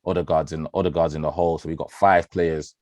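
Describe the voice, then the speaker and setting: Brief: low-pitched man, podcast co-host, excitable slangy football talk, dry close-miked sound. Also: fast talker, no echo. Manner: animated, slangy, swears freely, laughs often. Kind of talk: casual football chat.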